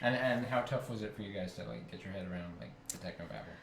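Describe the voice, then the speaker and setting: A man hosting a casual interview, upbeat and quick with his questions. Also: on the low side, a bit bright. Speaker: host. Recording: echoey room.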